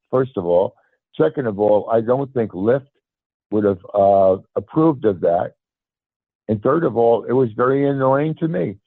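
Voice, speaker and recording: A man's voice: mid-range voice, dry recording. A man calling in, hesitantly telling a personal story and often restarting his words. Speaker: caller. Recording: phone line, dry and gravelly.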